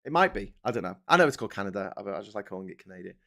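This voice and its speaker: A man's voice: fairly low pitch, very animated, racing, creaky, pushed and bright. A man hosting a casual, sarcastic and exasperated commentary on newspaper front pages. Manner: sarcastic and exasperated, breaking into laughter. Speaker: host.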